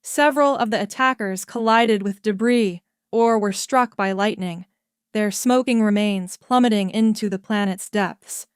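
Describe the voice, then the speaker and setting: Slow, smooth-voiced woman narrating sci-fi. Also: medium pitch, no room sound, studio quality. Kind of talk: scripted sci-fi story narration.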